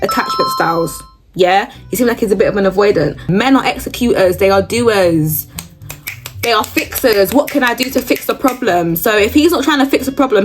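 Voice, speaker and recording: A young woman in the middle of her own vlog, reading posts aloud and cutting in with blunt opinions. She laughs and gasps as she goes, her voice at an everyday medium height. Soft music runs faintly underneath. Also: medium pitch, expressive, moderate pace. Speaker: host reading reddit posts. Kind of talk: casual reaction commentary.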